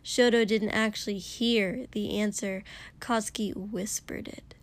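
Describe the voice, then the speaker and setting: Woman reading a story aloud, soft and hushed, slow pace. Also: mid-range voice, fairly even intonation. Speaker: narrator. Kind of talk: audiobook reading of fiction.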